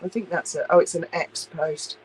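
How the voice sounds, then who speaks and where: Hosting a casual livestream, a woman reads viewer comments aloud and answers in a chatty, blunt, sweary way. Her voice is low and husky with fairly even intonation at a moderate pace, and the recording is rough.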